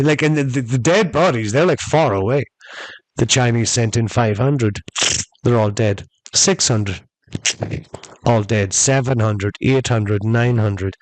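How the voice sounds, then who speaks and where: A man's voice: medium pitch, a little mellow, no room sound, poor audio. A man hosting a podcast, telling a long story in a rambling, chatty way and calling his listeners folks. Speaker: podcast host. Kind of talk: casual storytelling monologue.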